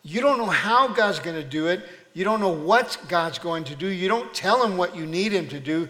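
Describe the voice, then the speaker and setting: A man's voice: high voice, expressive, normal speed, bright, forceful tone. A man preaching a sermon as pastor, exhorting his church in a preacherly call-and-response manner. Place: church sanctuary. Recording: long reverb of a church hall.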